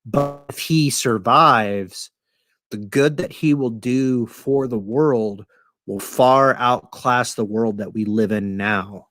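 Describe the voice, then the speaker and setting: A man's voice: mid-range voice, slow, fairly bright tone, dry recording. A man voicing a dying male time traveler who pleads earnestly and swears as he explains his plan, in a dry, close sound. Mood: urgent.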